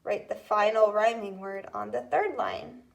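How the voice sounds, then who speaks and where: A woman's voice: mid-range voice, gravelly. A woman teaching a recorded second grade phonics lesson, explaining step by step and checking in with "okay?" as she goes. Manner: slow, patient explaining with repeated "okay?" checks.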